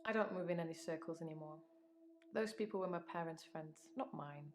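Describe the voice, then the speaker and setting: An actress voicing a calm, evasive woman patient answering a doctor's questions in a game. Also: lowish voice, a little fast, lightly acted. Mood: guarded. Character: guarded grieving woman patient under questioning. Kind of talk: game voice acting.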